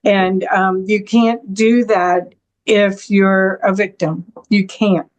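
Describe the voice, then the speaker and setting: Slow, measured woman hosting an interview. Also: mid-range voice, level tone. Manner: measured, with frequent "um" pauses. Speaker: interview host. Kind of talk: interview talk.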